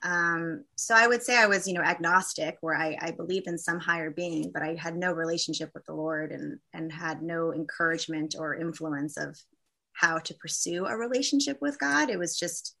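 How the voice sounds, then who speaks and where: A woman speaking as a guest in a conversation, telling a personal faith testimony in a candid, halting way with many fillers and restarts. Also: lowish voice, creaky, bright, forceful tone.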